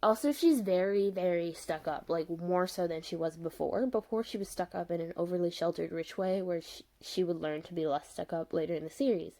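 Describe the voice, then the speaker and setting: A woman's voice: on the low side, normal speed, dark tone. A young woman ranting through a casual video review, exasperated and rambling, with lots of fillers. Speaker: vlogger reviewing a show.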